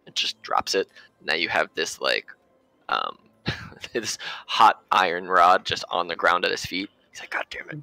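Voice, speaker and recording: Male GM, casual, gravelly, with a bright edge, close and dry sound. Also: deep voice, lively intonation, measured pace, no echo, low-quality recording. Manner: loose, casual narration with many fillers. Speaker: game master. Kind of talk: narrating a tabletop game.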